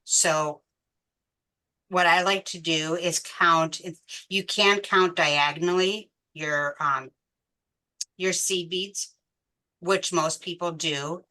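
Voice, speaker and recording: A woman with a low but bright voice walks a class through a beading pattern. She speaks slowly and counts each bead out loud with patience. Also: fairly even intonation. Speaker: beading instructor. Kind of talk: step-by-step craft tutorial.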